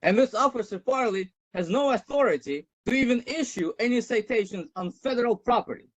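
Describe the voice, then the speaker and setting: Combative high-voiced man arguing in court. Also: lively intonation, a little fast, no room sound, rough recording. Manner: combative, interrupting, insistent. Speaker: defendant in traffic court. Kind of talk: arguing his case.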